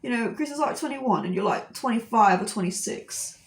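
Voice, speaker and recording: A woman's voice: fairly high pitch, animated, moderate pace, creaky. Chatty young woman, rambling and roomy. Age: 20s. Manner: rambling, filler-heavy storytelling. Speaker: art streamer. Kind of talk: casual chat while drawing.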